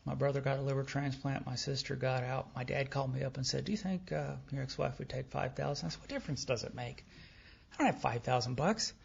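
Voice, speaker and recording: A man's voice: medium pitch, quick pace, gravelly, a little hiss or hum. A middle-aged man from Texas, telling his recovery story to a meeting, acting out dialogue with wry humor. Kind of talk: personal recovery talk to an audience. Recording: dull lo-fi tape recording.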